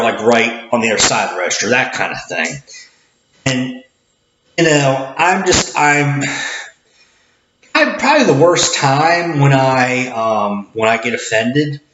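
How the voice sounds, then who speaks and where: Loud-voiced rambling man in an echoey room. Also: mid-range voice. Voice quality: loud, projecting voice. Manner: rambling, with many restarts and acted greetings. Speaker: cashier. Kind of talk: casual vlog commentary. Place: indoor room, seated back from the camera. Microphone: camera mic at some distance. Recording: echoey room, dull lo-fi sound, faint noise.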